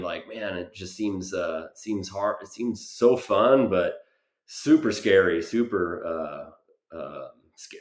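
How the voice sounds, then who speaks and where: Middle-aged male vlogger, low voice, hesitant storyteller, roomy echo. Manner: halting, many fillers and restarts. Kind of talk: casual personal storytelling.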